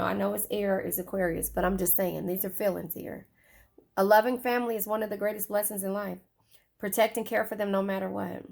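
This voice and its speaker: A woman's voice: medium pitch, creaky. A woman giving a casual tarot reading, chatty and swearing, often repeating her phrases. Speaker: tarot reader.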